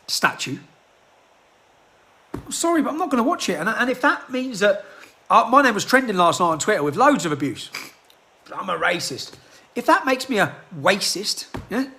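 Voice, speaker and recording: A man ranting heatedly into a phone held in his hand, his voice pitched very high. It swings up and down a lot and has a bright, sharp edge. He keeps hammering rhetorical questions and stops to clear his throat. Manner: agitated, fires off repeated rhetorical questions, clears throat often. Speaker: political activist. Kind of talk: impassioned rant to a phone camera. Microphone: handheld phone.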